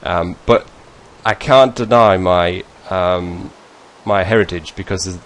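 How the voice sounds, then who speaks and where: A man's voice: deep voice, slow pace. A man from northeast England with a northern English accent, chatting casually to his viewers and often correcting himself mid-sentence. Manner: rambling, self-correcting, chuckling asides. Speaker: vlogger. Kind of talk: casual chat over a screen share.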